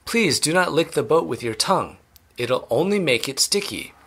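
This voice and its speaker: A man voicing an eccentric, excitable male chocolate maker who talks in hurried, gleeful exclamations. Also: on the high side, creaky, husky, voice pushed up, exaggerated voice. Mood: excited.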